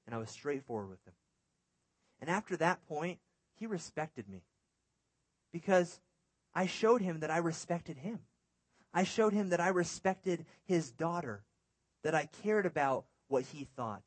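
A man's voice: a little high, lively intonation, measured pace, long pauses, no echo. A young man preaching a sermon to a youth church, earnest and conversational with humorous asides. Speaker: youth pastor.

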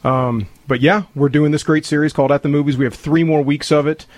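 A man in his forties, a pastor visiting a radio show, chatting in an animated, self-mocking way. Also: a little high, fairly quick. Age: 40s. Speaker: pastor, studio guest. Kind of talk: casual radio chat.

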